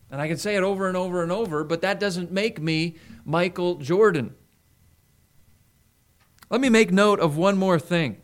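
A middle-aged man preaching a sermon in an earnest way, slowing down for emphasis. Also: high-pitched. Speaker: pastor.

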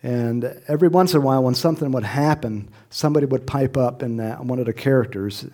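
A man's voice: medium pitch, fast talker, dark tone. A middle-aged man preaching a sermon in a conversational way, chuckling often and rising to emphatic questions. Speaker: pastor.

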